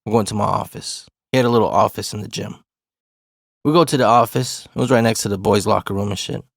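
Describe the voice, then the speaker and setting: A man in his forties tells a personal story in a loose, swearing, street-talk way. His voice has a gravelly edge. The sound is dry and close, with no room around it. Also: on the low side, fairly even intonation, fast talker, no echo. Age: 40s. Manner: profane, laid-back street talk.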